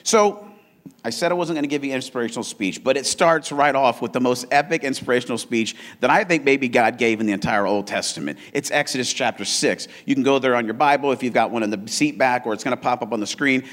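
A man preaching a sermon in a church, energetic and joking, whooping with excitement and stumbling into restarts. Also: medium pitch, quick pace. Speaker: pastor. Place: church auditorium.

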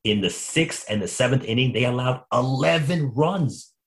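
A man hosting a casual sports podcast, telling stories in an animated, quick way with frequent restarts. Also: medium pitch. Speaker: podcast host.

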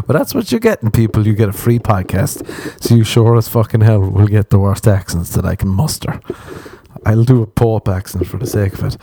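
Young Irish male podcast host: loose, profane, rambling stand-up style with a warm, slightly low voice. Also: expressive, a little fast, dry recording. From Ireland. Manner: rambling, profane, laughs at his own jokes. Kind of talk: solo comic podcast monologue.

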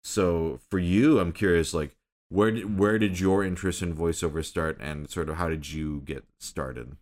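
A man hosting a casual interview, talking in a halting way with many hedges and fillers. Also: low-pitched, a little mellow. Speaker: podcast host.

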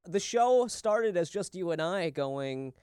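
A man's voice: sits high, lively intonation, takes it slowly, darkish tone, smooth, no room sound, studio quality. A man co-hosting a podcast in loose, jokey casual chat, often laughing. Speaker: podcast co-host.

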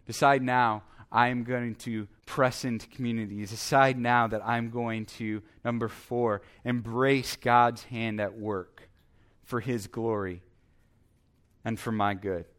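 A man's voice: medium pitch, steady tone, slow, a bit bright. A man preaching a sermon as the pastor, earnest and emphatic, repeating his exhortations.

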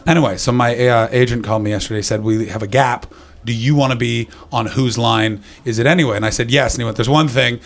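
A man's voice: medium pitch, fairly even intonation, quick pace, slight background noise. A man in his thirties doing a stand-up set at a comedy venue, rambling through anecdotes and laughing at his own jokes. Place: comedy venue with live audience.

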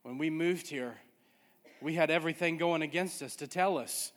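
At an ordinary pace, a male pastor preaches with emphasis, driving home each point and circling back again and again to one repeated refrain. His pitch runs fairly high for a man, and the sound echoes with a long hall reverb.

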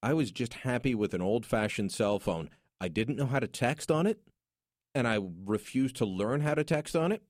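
Jokey radio host, dry studio. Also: male voice, mid-range voice, expressive, moderate pace, darkish tone, dry recording. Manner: opinionated, jokey, conversational. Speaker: radio talk show host. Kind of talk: radio talk monologue.

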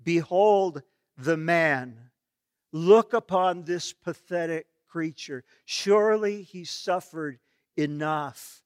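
A man voicing a troubled Roman governor who pleads gravely with a crowd. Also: fairly high pitch, slow, dry recording, clean studio sound. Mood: pleading. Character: weary Roman governor, male, reluctant and troubled.

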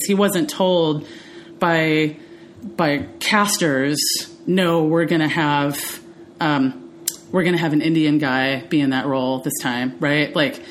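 A woman in casual conversation on a podcast, telling stories in an animated, chatty way with plenty of fillers. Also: sits low, slight background noise. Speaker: podcast co-host. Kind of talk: casual chat.

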